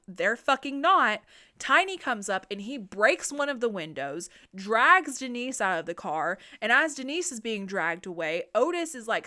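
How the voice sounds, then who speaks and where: A woman hosting a podcast and recapping a horror movie in a casual, profane, animated way. Her voice is smooth and clear at a middle pitch. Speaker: podcast host.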